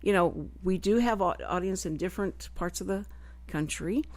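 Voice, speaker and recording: Lower voice texan lady hosting radio, dry close sound, chatty, kinda rambly. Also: normal speed, darkish tone, no echo. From Texas. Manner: chatty, rambling, self-deprecating. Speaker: radio talk show host. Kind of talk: casual chat. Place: radio studio.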